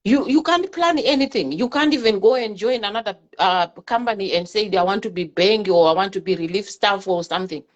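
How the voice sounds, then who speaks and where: A woman's voice: medium pitch, brisk, few pauses. A woman in a casual talk-show discussion, earnestly giving advice and often repeating her words. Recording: muffled lo-fi audio.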